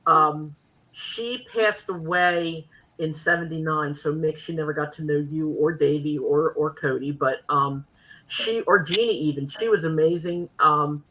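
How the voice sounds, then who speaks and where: A woman in her sixties co-hosting a podcast, telling stories in an animated way and laughing often. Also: low voice, measured pace. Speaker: co-host. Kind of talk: storytelling podcast chat. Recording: dull lo-fi recording.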